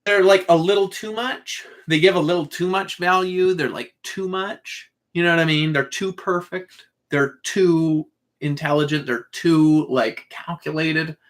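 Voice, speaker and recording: A man's voice: a little high, a bit bright. A man telling a long personal story in a loose, meandering way, full of "like" and "uh". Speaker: speaker sharing a spiritual vision.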